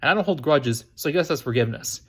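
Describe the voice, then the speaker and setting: A man reading the lines of a wary, guarded adult woman in a novel, with a measured delivery. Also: fairly high pitch, animated, breathy edge. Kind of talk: read-aloud novel dialogue.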